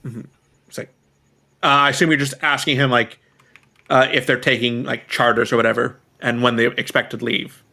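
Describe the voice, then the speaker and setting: A male game master narrates a tabletop game in a loose, chatty way, full of fillers. His voice is bright and forward at an ordinary pitch. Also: flat delivery, moderate pace, vocal fry.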